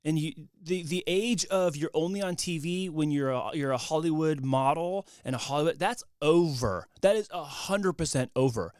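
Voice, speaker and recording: A man's voice: a little high, no echo, studio quality. A man in a casual podcast conversation, talking emphatically and encouragingly with many likes. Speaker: videographer guest.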